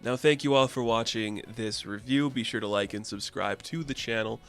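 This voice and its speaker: A man's voice: medium pitch, normal speed, faint music behind. A man casually reviewing a comic issue with offhand, slangy asides. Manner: laid-back, offhand, recaps with slangy asides.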